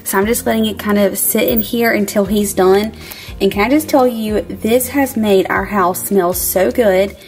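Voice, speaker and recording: Chatty woman with vocal fry. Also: medium pitch, fairly even intonation, normal speed, darkish tone, faint music behind. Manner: chatty, upbeat, says "y'all". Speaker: vlog host. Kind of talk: casual cooking vlog chat. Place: home kitchen.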